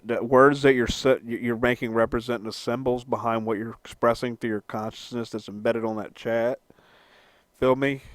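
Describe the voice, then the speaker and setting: A man's voice: mid-range voice, no room sound. A young man rambling and stammering as he answers chat on a live stream, swearing freely and laughing at his own jokes. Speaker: livestreamer reading chat.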